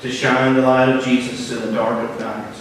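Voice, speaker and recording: A man preaching a sermon as pastor, with dramatic swings from loud to hushed. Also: mid-range voice, little pitch movement, moderate pace, slight background noise. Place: church sanctuary. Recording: echoey church hall, mic at a distance.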